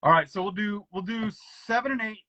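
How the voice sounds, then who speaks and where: Quick bright-voiced male podcast host. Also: high voice, no echo. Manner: quick, eager, stumbles over words. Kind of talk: casual chat. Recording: dull dry lo-fi sound.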